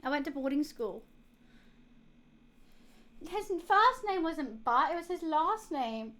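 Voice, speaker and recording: Hiccuping young woman, high voice. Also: expressive, slow, bright, forceful tone. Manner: rambling, with many fillers and restarts. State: has the hiccups. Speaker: live streamer. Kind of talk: casual chat to stream viewers.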